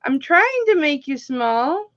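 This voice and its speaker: A woman's voice: high voice, very animated, slow, fairly bright tone, muffled recording. A woman hosting a live online jewelry auction, chatting casually and calling out bidders by name as she counts down the bids. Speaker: auction host.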